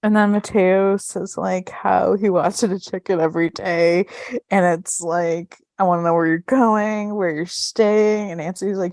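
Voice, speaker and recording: A woman's voice: on the low side, flat delivery, a little slow, a little mellow, no room sound, studio quality. A woman co-hosting a podcast, chatting casually as she retells scenes of a TV episode with lots of fillers. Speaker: podcast co-host. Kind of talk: casual chat recapping a TV episode.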